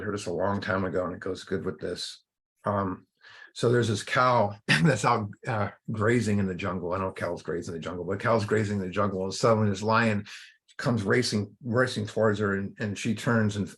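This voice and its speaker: Guy leading a recovery group, rambly, lots of you-knows, lowish voice. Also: steady tone, a little fast, a bit bright. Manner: rambling, with frequent fillers and restarts. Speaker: recovery workshop leader. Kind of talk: informal spiritual talk.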